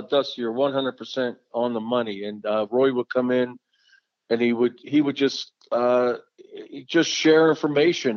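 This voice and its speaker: A man of middle pitch reminisces in an easygoing tone, repeating phrases and tossing in "man." The sound is dull and lo-fi, and dry and close. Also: dry recording. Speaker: former catcher, interview guest. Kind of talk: casual storytelling.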